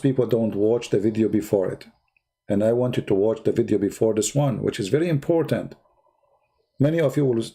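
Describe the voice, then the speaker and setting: A man hosting a livestream, retelling a story in a mocking, animated way in loose, nonstandard English. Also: fairly low pitch, vocal fry. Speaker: livestream host. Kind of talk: mocking religious commentary, casual.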